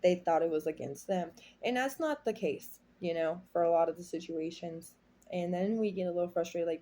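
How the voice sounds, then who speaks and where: A woman's voice: on the low side, moderate pace, warm tone. A woman giving a tarot reading to her viewers, talking in a rambling, heartfelt, confiding way. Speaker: tarot reader. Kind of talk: casual tarot reading monologue.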